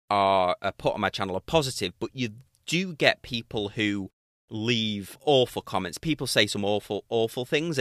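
Bright-voiced British man hosting a chat. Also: fairly low pitch, dry recording, studio quality. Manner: earnest, thoughtful, with small restarts. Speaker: podcast host, watch reviewer. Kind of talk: casual podcast conversation.

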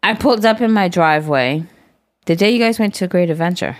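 A woman's voice: lowish voice, fairly quick, no room sound. Swearing New woman, dry close mic. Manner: swears a lot, animated storytelling. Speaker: podcast co-host. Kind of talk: casual chat.

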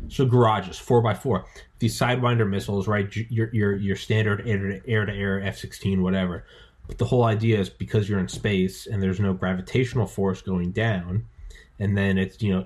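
A man hosting a podcast from home, talking in a rambling, excitable way with lots of swearing and restarts. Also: fairly low pitch, husky. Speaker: podcast host. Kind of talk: casual podcast chat. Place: home, with dogs around.

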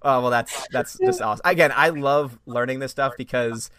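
A man's voice: medium pitch, moderate pace, a bit bright, slight background noise. An American man hosting a live stream, rambling and apologetic in casual chat. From United States. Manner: apologetic, rambling, self-deprecating. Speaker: streamer host.

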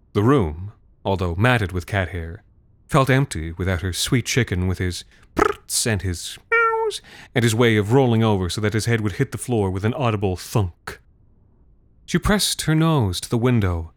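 A man's voice: fairly low pitch, dry recording. Wry, theatrical male storyteller. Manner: wry, theatrical, darkly comic. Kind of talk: scripted narration.

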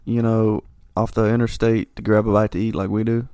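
A man's voice: lowish voice, little pitch movement, brisk, dark tone, clear, resonant tone, no room sound, studio quality. A man co-hosting a casual podcast chat, laid-back and joking, calling people dude and man.

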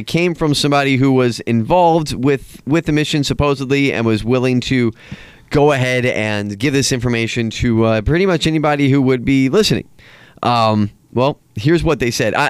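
A man hosts a casual chat and tells his story with a few hesitant fillers. His voice is smooth and clear. The sound is dry and close, with no room echo. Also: medium pitch. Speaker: podcast host. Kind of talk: casual chat, reading a transcript aloud.

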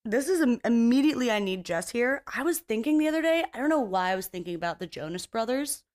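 A woman's voice: fairly high pitch, expressive, quick pace, a little mellow. Blunt, rambling woman podcast host. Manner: rambling, blunt, swears freely; self-mocking and playfully opinionated. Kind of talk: casual solo podcast chat.

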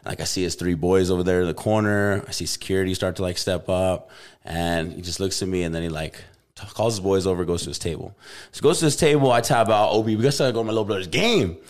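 A young man from Albuquerque telling a story in relaxed, slangy podcast chat, dropping "bro" again and again. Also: deep voice, fast talker. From Albuquerque, New Mexico. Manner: laid-back, slangy, says "bro" constantly.

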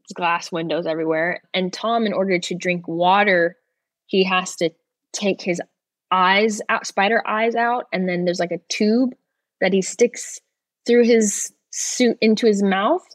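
Brief: young woman, talk-show guest, chatty and filler-heavy, middle pitch, dry close mic. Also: fairly even intonation, measured pace, no echo. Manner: chatty, lots of "like" fillers and restarts, laughs easily. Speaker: actor guest. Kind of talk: casual talk-show interview.

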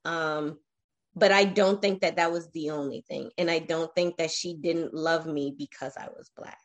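Interview guest: woman, 40s, slightly low voice, reflective, halting, earnest storytelling. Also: steady tone. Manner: reflective, emotional, halting with fillers.

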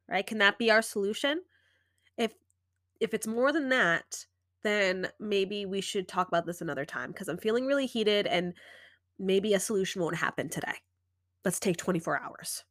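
Woman podcast host, thirties, casual advice talk, lively acted-out asides, dry close mic. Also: medium pitch, normal speed, no room sound. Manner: animated, acts out inner dialogue.

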